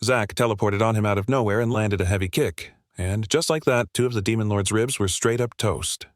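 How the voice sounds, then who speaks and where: A man's voice: lowish voice, a little fast, no echo. Slangy male recap narrator, dry sound. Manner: slangy, breezy.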